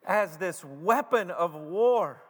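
Male pastor preaching, high-pitched, unhurried, emphatic with stumbling restarts; big hall reverb. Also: expressive, a bit bright. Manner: emphatic preaching with repeated stutters and slowed, stressed phrases. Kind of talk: sermon.

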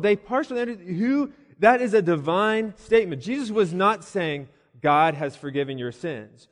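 Male pastor, high voice, storytelling sermon with acted asides, long hall reverb. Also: animated, a little slow. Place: church building.

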